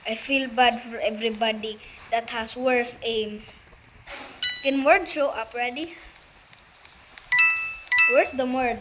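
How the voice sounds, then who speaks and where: Woman gamer, high voice, unhurried delivery, excitable, broken grammar, noisy home recording. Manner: excitable, laughs and exclaims, talks to viewers as "guys". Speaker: gamer narrating her own play. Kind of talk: casual gameplay commentary.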